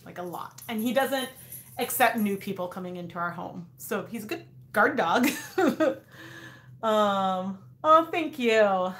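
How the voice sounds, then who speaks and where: A woman's voice: mid-range voice, lively intonation, unhurried, fairly bright tone. A woman in her thirties hosting a casual craft livestream, rambling with lots of fillers and restarts. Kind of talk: casual live chat. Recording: echoey room.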